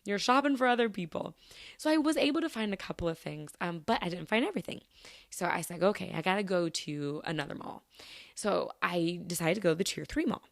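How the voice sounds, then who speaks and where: A woman's voice: fairly low pitch, lively intonation, brisk, gravelly, dry recording, studio quality. A woman hosting a solo podcast, chatting casually and rambling through everyday stories with lots of restarts. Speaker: podcast host.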